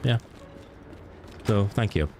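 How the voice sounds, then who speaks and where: Low-voiced Welsh man chatting casually. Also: slow, background noise. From Wales. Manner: chatty, joking, laughs easily. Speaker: game streamer. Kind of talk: casual chat with viewers while gaming.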